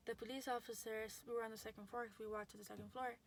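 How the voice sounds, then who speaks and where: A woman's voice: on the high side, little pitch movement, fast talker, a little hiss or hum. A young adult woman telling a story in a casual vlog, chatty and full of fillers and restarts. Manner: chatty, lots of likes and restarts. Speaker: vlogger.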